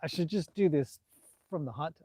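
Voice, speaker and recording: A man with a Canadian accent, hosting a casual live stream and reading out viewer comments in a relaxed, rambling way. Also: on the high side, normal speed, slightly rough, dry recording. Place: outdoors at a stable in the evening.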